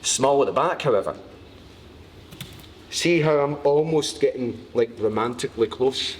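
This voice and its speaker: A Glasgow man of medium pitch, with a broad Glaswegian accent, talks a little slowly and leaves long pauses as he teaches a live martial arts class on the training mat. His manner is cheeky and jokey, with free swearing. The room sounds big, with a little hiss or hum.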